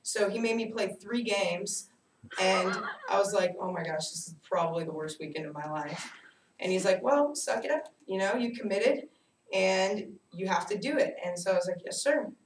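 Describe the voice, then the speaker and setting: A young adult woman giving a personal storytelling speech to a class, animated and self-mocking as she tells her stories. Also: mid-range voice, moderate pace. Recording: echoey room, distant mic, faint hiss.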